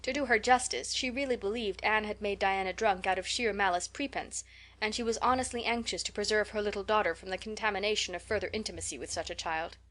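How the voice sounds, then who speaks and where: A woman narrating a classic novel aloud in a measured, storytelling way. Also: mid-range voice, fairly bright tone. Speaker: audiobook narrator. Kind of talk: scripted narration.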